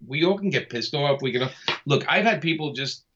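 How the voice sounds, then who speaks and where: Easygoing new guy chatting in an interview, bright forceful voice, kinda muffled audio. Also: on the high side, lively intonation, normal speed. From Brooklyn, New York. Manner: easygoing, chatty, laughs while talking. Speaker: comic artist guest. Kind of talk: casual interview conversation.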